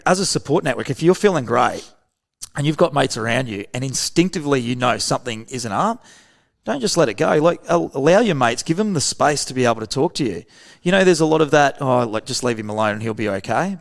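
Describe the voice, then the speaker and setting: Appearing on a podcast, an Australian veteran program founder chats in an easy interview style, voice mid-range, expressive, creaky and a touch fast. He speaks earnestly and plays out brief exchanges of dialogue.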